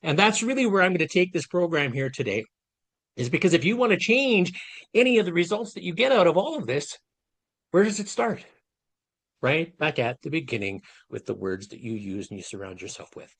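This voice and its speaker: A man's voice: on the high side, animated, brisk, a bit bright. A man in his late fifties giving a motivational talk over a video call, earnest and conversational as he speaks straight to his audience. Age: 50s. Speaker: guest speaker giving a masterclass.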